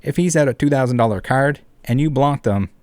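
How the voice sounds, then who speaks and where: Guy ranting on his channel, swears a lot, mid pitch, dry close sound. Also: brisk, a little mellow, dry recording. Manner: indignant, profane, emphatic. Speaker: commentary channel host. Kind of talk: online commentary rant.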